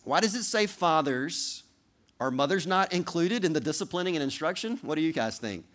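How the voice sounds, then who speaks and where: A man's voice: fairly high pitch, lively intonation, brisk, fairly bright tone. A man preaching a sermon, speaking directly to the children in the congregation and acting out little role-plays. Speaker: pastor.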